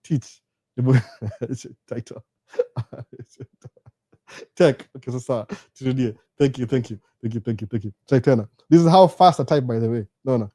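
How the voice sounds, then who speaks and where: A man with a Kenyan accent hosting a casual live Q&A, talking in a chatty, animated way with jokey asides. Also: mid-range voice, moderate pace, no room sound, studio quality. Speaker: live-stream host. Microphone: studio microphone.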